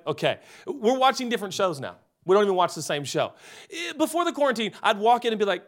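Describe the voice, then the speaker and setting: A man in his forties preaching a comedic sermon, animated and jokey, turning earnest. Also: high-pitched, fairly quick. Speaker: pastor.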